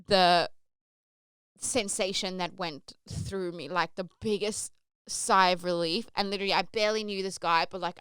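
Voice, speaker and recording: A young woman hosts a podcast and tells a travel story in a casual, chatty monologue, saying "like" often and acting out the quoted lines. Her voice is medium-pitched, with a clean tone and no echo.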